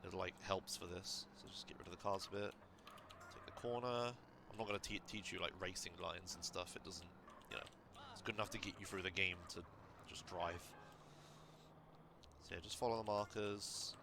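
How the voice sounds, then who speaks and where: A man casually coaching someone through a game run, relaxed and instructive, with lots of fillers. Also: deep voice, normal speed, gravelly, background noise. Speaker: streamer coaching a speedrun.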